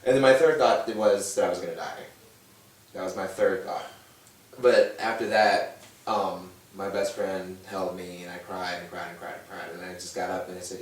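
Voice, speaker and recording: A man's voice: low-pitched, normal speed. A man in his thirties, a talk-show guest, frankly telling his own story and acting out the voices of the people in it. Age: 30s. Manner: animated, acts out quoted voices. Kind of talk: candid personal storytelling. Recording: echoey room, distant mic, faint noise.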